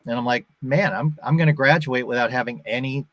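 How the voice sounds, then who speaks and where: A man's voice: medium pitch, fairly quick, a bit bright, no echo. 50s guy from boston, faint boston accent, storytelling, dry close mic. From Boston area, USA. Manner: storytelling, acts out quoted voices. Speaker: actor and guest. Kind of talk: casual interview chat.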